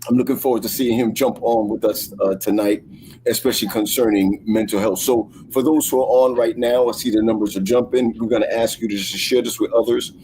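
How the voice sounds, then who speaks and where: A man's voice: on the low side, steady tone, a little fast, mellow, slight background noise, poor audio. A man hosting a casual livestream chat over a video call, talking in a chatty way with stammering restarts and laughs. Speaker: host.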